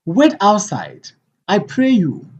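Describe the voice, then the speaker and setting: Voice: medium pitch, huge pitch swings, takes it slowly, lo-fi sound. A reader voicing an anxious queen who pleads with her husband in an urgent way, in a play read aloud. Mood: pleading. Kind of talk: audiobook play reading.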